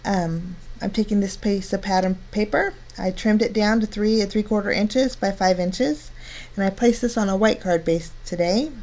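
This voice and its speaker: A woman's voice: mid-range voice, moderate pace, a little mellow. A cheerful, chatty woman talking through each step of a card-making craft tutorial. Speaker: crafting channel host.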